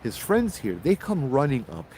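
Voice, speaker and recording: A man telling a ghost story in a loose, animated way, with restarts and fillers. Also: medium pitch, normal speed, a little hiss or hum, rough recording. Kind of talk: casual spoken ghost storytelling.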